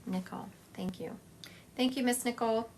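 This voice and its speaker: A woman's voice: on the high side, normal speed, a little mellow, slight background noise. A woman giving a psychic medium reading on a live stream, talking in a chatty, confiding way and thinking aloud as she goes.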